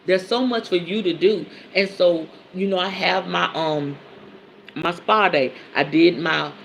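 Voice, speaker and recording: Laughing, candid woman with a gravelly voice. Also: on the low side, unhurried, fairly bright tone, slight background noise. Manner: candid, laughing, talks straight to listeners as y'all. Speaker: podcast host and women's counselor. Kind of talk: casual storytelling monologue.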